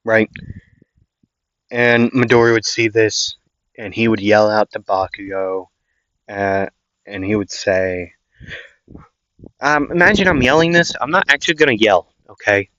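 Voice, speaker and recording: A man's voice: lowish voice, steady tone, a little slow, pauses often, fairly bright tone, no echo. A man telling an improvised fan story in a rambling, casual way, full of fillers and little checks, in a dull lo-fi recording.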